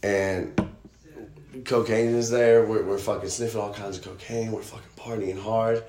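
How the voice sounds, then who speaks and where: A man hosting a podcast, telling stories in a rambling, profane, casual way that gets animated. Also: lowish voice, normal speed, echoey room. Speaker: podcast host. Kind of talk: casual storytelling chat.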